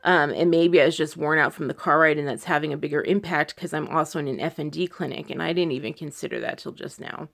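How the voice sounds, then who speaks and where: A woman's voice: low voice, fast talker, vocal fry, hardly any pauses, a bit bright. A woman talking to her followers in a personal video diary, anxious and close to tears, rambling with many fillers. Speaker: vlogger. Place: indoors at home.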